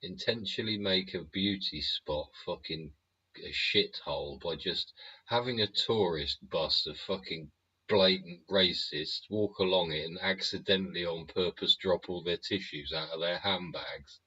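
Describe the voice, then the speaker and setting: Man, low husky voice, sweary rambling rant, dull lo-fi sound. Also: unhurried, pushed and bright. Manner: sweary, rambling, constant tag questions, chuckling. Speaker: show host. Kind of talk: casual ranting monologue. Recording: dull lo-fi recording.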